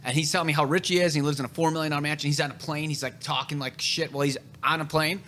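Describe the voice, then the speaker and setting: Blunt, bright-voiced man telling stories. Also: fairly high pitch, steady tone, racing, a little hiss or hum. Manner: blunt, profane storytelling. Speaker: real estate broker and podcast host. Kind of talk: casual podcast chat.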